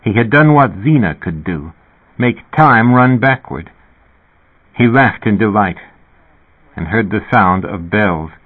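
A man narrating a novel in a measured, even reading. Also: fairly low pitch, slightly rough. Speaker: audiobook narrator. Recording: narrow, phone-like sound.

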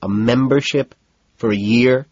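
A man's voice: medium pitch, measured pace, a little mellow, husky, no echo. A man voicing a smug, showy young businessman who needles his friends, on a dull lo-fi recording.

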